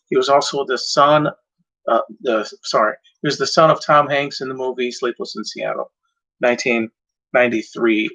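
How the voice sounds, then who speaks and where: A man with a mid-range, fairly bright voice hosts his own video, talking casually to the camera. He rambles and hesitates, filling his speech with fillers and self-corrections. The audio is dull and lo-fi.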